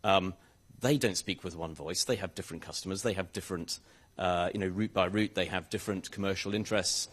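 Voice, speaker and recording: A man, a rail regulator's chief executive, answering questions on a conference panel in a halting way, with frequent restarts and hedges. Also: low-pitched, a bit bright. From United Kingdom. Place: conference hall.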